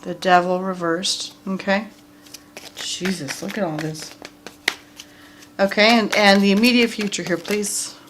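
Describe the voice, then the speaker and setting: A woman gives a casual tarot reading, talking straight to her viewers and breaking into laughs often. Her voice sits at an ordinary middle pitch. A faint hiss of background noise runs under the recording. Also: a little slow, pauses often, fairly bright tone. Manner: chatty, talks to viewer directly, laughs often. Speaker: tarot reader.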